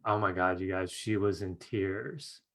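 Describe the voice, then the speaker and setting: Speaking a little slowly in a low, steady, slightly bright voice, this man runs a casual live-stream lesson. He keeps asking "right?" and laughs as he shares a story.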